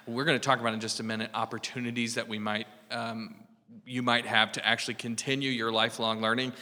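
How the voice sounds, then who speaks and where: A man's voice: mid-range voice, level tone, quick pace, sharp tone, long reverb tail. A man hosting a podcast, speaking in an encouraging and affirming way. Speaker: podcast host. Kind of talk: casual conversational podcast chat.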